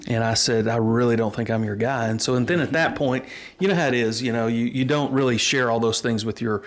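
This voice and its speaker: A middle-aged man, a pastor telling the story of his church in an unhurried, earnest way. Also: medium pitch, fairly even intonation, slight background noise. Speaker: pastor and interview guest. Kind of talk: storytelling in a casual interview.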